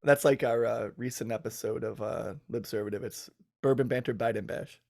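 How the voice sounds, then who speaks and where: A man chatting casually as a podcast guest, easygoing and quick to laugh. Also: mid-range voice, steady tone, gravelly, darkish tone. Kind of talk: casual chat.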